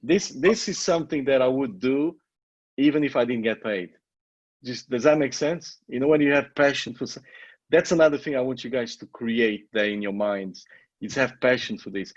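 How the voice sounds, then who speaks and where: A middle-aged man with a foreign accent and a husky, slightly rough voice coaches an online class with blunt, repetitive emphasis. His voice is dry and close, with no room around it. The audio is dull and lo-fi. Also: medium pitch, moderate pace, no room sound. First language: not English. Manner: emphatic, repeats himself, swears casually. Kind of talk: motivational live coaching talk.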